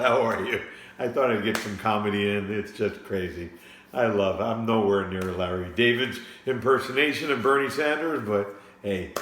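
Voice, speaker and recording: A low-voiced man speaks casually to his viewers about wine and keeps circling back on his words. His voice bounces around an echoey home studio. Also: fairly bright tone. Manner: rambling, with frequent restarts. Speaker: sommelier and wine vlogger. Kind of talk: casual explainer talk to camera.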